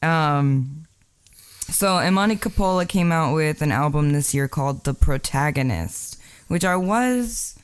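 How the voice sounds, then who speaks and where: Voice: medium pitch, lively intonation, measured pace, clear, resonant tone. A podcast co-host from Texas chatting casually and rambling, with many fillers and frequent laughs. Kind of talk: casual chat.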